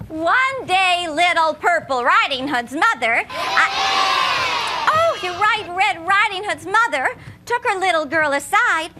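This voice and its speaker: A woman's voice: extremely high pitch, animated, a little slow, a crowd in the background. A woman telling a fairy tale to a children's audience at a live show, playful and comically muddled. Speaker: storyteller. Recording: live hall recording with noisy audience.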